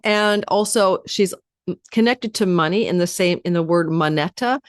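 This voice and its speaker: A woman astrologer talks quickly and chattily, turning often to address her viewers. Her voice sits on the low side. The recording is dry and close, with no room sound. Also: dry recording. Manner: fast-talking, chatty. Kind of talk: weekly astrology forecast.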